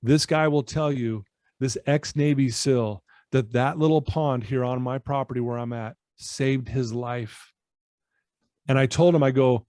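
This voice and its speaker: In a dry recording from his home office, a personal development coach tells a story as a podcast guest. His voice is mid-range and unhurried, and he's an animated storyteller who acts out the quoted dialogue with energy.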